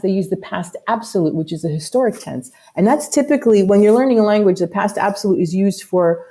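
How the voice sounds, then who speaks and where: On a relaxed podcast, a female musician from the United States chats as a guest, giving long explanations peppered with tangents. She has a medium-pitched voice with a dark tone.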